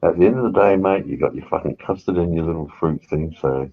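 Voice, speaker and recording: A deep-voiced man with a husky edge, heard through a dull, lo-fi voice chat. He ribs his friend in a laid-back way and laughs easily. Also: quick pace. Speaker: gamer chatting with a friend. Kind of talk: casual banter over voice chat.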